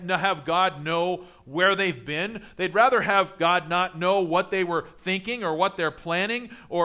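A man with a high, bright voice preaching to his congregation. He talks in a conversational way, pressing his points with force and then letting his voice fall low and soft. His pitch sits well above most men's. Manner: conversational preaching, rising emphatic then dropping low and quiet. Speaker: pastor. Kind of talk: sermon.

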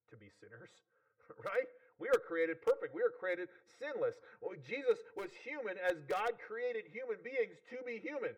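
A man's voice: sits high, poor audio. A man preaching a sermon, earnest, checking in with the congregation and repeating words as he goes. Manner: earnest, with frequent repetitions and "right?" check-ins.

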